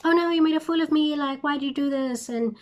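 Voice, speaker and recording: Woman doing Delilah, a scheming young woman, accusing and insistent, bright voice. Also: high voice, fast talker, pitched above the performer's own voice, lightly acted.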